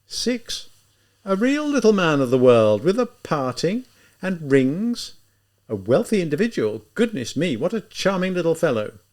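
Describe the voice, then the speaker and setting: A man's voice: on the high side, sing-song, measured pace, a little mellow, voice pushed up. A man reading aloud, voicing a feverish, mocking young man who taunts and teases in an audiobook. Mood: taunting. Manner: teasing, taunting, sly. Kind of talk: audiobook character voice.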